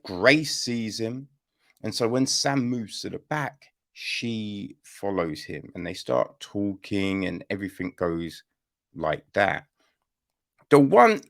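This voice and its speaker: A man reviewing a film on a podcast in casual, profane chat, often asking his listener if they follow. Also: mid-range voice. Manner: animated, profane, keeps asking "you know what I mean?".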